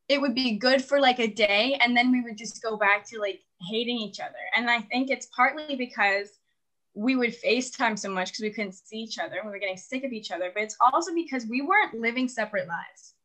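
Bright, high young woman rambling openly. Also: low-quality recording. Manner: rambling, full of "like" fillers, laughs often. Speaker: caller seeking relationship advice. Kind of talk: casual confessional chat.

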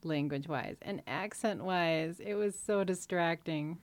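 A low-voiced woman gives blunt, quick opinions on a film in a laid-back podcast chat. She is recorded close and dry, with no room sound. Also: no echo. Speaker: podcast co-host. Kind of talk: casual movie review chat.

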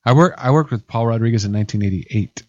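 A man hosting a podcast in casual chat, excitable and retelling a friend's story. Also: mid-range voice, fast, no echo, dull audio.

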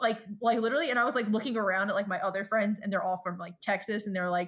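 A woman with a New York accent co-hosting a casual podcast. She tells animated, profane stories about her neighborhood in a chatty, conversational way. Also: medium pitch, quick pace, few pauses. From Brooklyn, New York. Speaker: podcast co-host. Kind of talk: casual chat.

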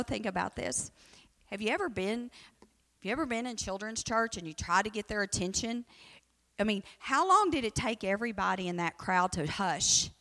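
A woman's voice: medium pitch, a bit bright. Woman teaching Bible study in echoey hall. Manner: conversational, acts out quotes.

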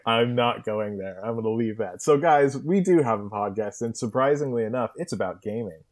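A man's voice: medium pitch, animated, unhurried. A man hosting a casual gaming podcast, joking and laughing often as he talks. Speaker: podcast host.

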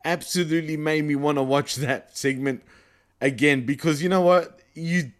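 A man co-hosting a casual wrestling podcast, agreeable and quick to laugh. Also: fairly high pitch, steady tone. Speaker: podcast co-host.

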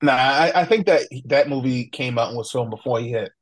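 A man's voice: mid-range voice, a little fast. A man chatting casually as a podcast guest, laid-back, laughing often and using fillers. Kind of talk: casual chat.

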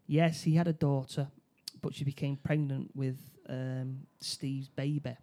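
Man, casual film recap, gravelly and mellow, animated storyteller. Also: medium pitch, a little slow. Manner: animated retelling with acted quotes, many restarts. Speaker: film discussion co-host. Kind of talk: casual chat retelling a film plot.

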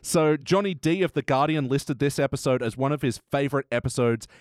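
A man's voice: medium pitch, a little fast, dry recording, studio quality. A man hosting a casual podcast chat, reading out review quotes and laughing often. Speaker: podcast host.

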